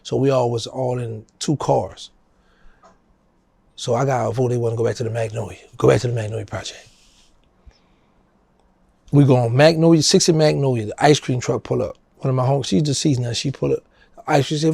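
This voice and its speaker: Speaking briskly, this gravel-voiced, middle-aged New Orleans man shares a relaxed story as an interview guest, voicing other people's lines in a raised, animated pitch. The audio is close-miked and dry, with no echo at all.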